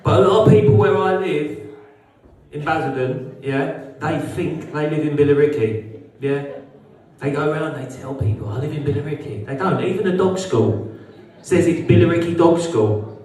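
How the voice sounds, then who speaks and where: A man's voice: a little high, normal speed, darkish tone. A man from Essex with an Essex accent doing a crude, sweary stand-up set, bantering with the crowd. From Essex, England. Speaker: stand-up comedian. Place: social club stage. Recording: echoey club room, mic from far off.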